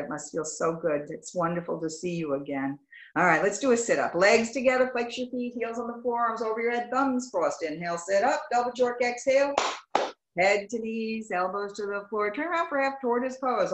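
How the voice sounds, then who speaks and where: A woman yoga instructor teaching a live class over a video call, calling out poses in brisk, clipped commands and greeting students warmly by name. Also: medium pitch, reverberant, low-quality recording. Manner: brisk rapid-fire commands in short clipped phrases. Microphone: video call microphone.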